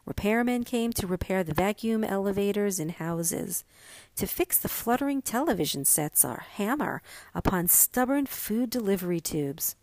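A woman podcast host reading a short story aloud, unhurried and deliberate. Her voice sits mid-range and sounds close and dry, with no room around it. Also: medium pitch, a little mellow, no echo.

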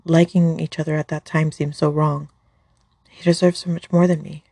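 A woman reading a first-person story aloud in a soft, emotional way, close to the mic. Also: deep voice, little pitch movement, moderate pace, gravelly, husky, dry recording. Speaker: fan fiction podcast reader.

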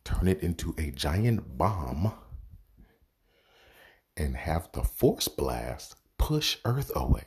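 A man's voice: rumbling low, sing-song, takes it slowly, long pauses, a little mellow, breathy edge. A man giving a casual, profane movie review, exasperated and sarcastic, swearing constantly.

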